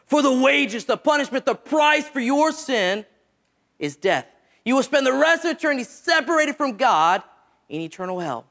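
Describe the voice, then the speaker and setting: A man with a squeaky voice preaching an evangelistic sermon, stretching out key phrases and letting them drop low at the ends. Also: very animated, moderate pace, a bit bright.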